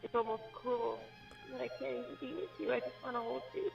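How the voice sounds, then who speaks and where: A woman's voice: fairly high pitch, fairly even intonation, a little fast, gravelly. A woman speaking emotionally and pleadingly to her fiance on a jail phone call. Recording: muffled phone recording with faint music.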